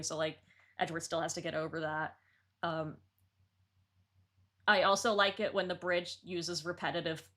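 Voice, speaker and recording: A woman streaming live, chatting casually and excitedly about lyrics she is reviewing, with lots of "like" and restarts. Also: on the low side. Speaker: streamer reviewing song submissions.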